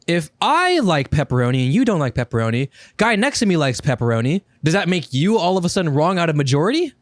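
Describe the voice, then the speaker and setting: A man co-hosting a podcast in casual chat, animated, laughing often and repeating himself. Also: on the high side, fast, no room sound. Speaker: podcast co-host.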